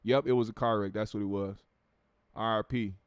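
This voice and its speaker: A man's voice: on the low side, fairly even intonation, fairly quick, clean tone, dry recording, lo-fi sound. Laid-back, profane American man. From United States. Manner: laid-back, profane, repeats words while thinking. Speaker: show host reading viewer comments. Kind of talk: casual livestream chat.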